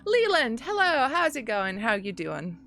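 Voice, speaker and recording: A woman's voice: on the high side, sing-song, measured pace, fairly bright tone, a little hiss or hum. A woman with a Yorkshire accent hosting a tabletop game stream as game master, bubbly and playful as she introduces the players.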